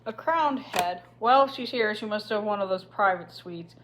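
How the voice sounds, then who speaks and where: A woman's voice: medium pitch, moderate pace, a bit bright, slight background noise, natural voice. A woman voicing a scheming middle-aged male official who speaks in a lazy, self-satisfied drawl. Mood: sly drawl.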